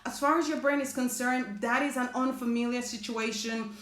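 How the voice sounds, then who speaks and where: A woman's voice: on the high side, fairly even intonation, normal speed, a bit bright. A woman hosting a live motivational talk, chatting with her viewers and reading their comments. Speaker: host of a live motivational stream. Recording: echoey room.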